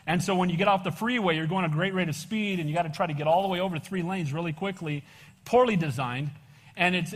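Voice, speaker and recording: A man pastor preaching a sermon, animated and casual, calling for amens and calling people "bro". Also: sits high. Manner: casual slang, says "bro". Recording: long reverb of a church hall.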